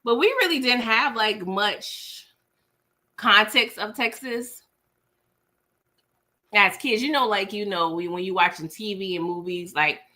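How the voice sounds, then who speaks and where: A medium-pitched female voice, bright and forceful with lively intonation, moves unhurriedly with long pauses. The speaker, an East Coast woman with that accent, hosts a casual livestream on a laptop mic, eating dinner and chewing while she chats and laughs with viewers.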